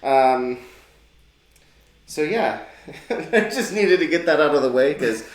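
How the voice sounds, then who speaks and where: Playful high-voiced man running a game. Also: lively intonation, takes it slowly. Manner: playful, announcer-like, laughs often. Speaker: dungeon master. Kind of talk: hosting and narrating a tabletop game. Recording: echoey room, from far off.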